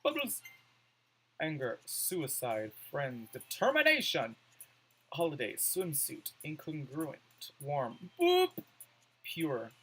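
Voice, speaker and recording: A man's voice: fairly high pitch, huge pitch swings, slow pace, pushed and bright, slightly rough, low-quality recording. A man doing let's play commentary, reading on-screen words aloud and musing over his choices.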